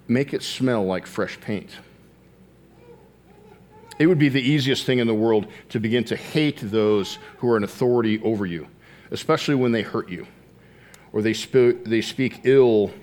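A man preaching a sermon, earnest, slowing down to stress key phrases and rising in pitch as he tells a story. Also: darkish tone.

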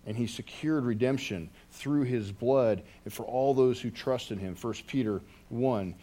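A man's voice: medium pitch, measured pace, hardly any pauses, mellow. A man preaching a sermon as a pastor, telling a story earnestly and often restarting his phrases.

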